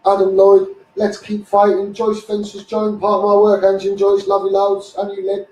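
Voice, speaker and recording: A man's voice: sits high, completely flat delivery, moderate pace, darkish tone, roomy sound, distant mic, rough recording. A man with a Scouse accent ranting bluntly on a live stream, often asking "you know what I mean". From Liverpool, England.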